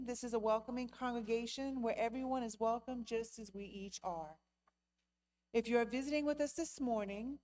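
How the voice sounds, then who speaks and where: A woman's voice: on the high side, a little mellow, low-quality recording. Earnest woman reading church announcements. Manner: earnest, welcoming and measured. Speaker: church board treasurer giving announcements. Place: church sanctuary during a service.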